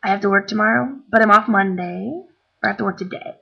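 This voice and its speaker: A tired young woman rambles through a casual vlog, peppering her talk with "like" and "um". Her voice has a gravelly fry. The recording sounds dull and lo-fi, like a cheap webcam. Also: medium pitch, fairly even intonation, a little fast. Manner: chatty, rambling, lots of "like" and "um". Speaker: vlogger. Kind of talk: casual chat.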